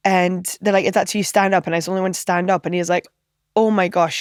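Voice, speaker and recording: A woman comedian telling animated anecdotes in a podcast interview, acting out other people's lines and laughing often. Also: mid-range voice, fast talker, no room sound, studio quality. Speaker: comedian guest.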